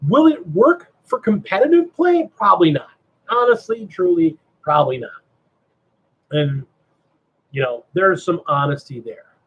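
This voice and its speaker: A man hosting a casual livestream chat, animated and asking himself rhetorical questions. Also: sits high, unhurried, slightly rough, highs cut off. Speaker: stream host.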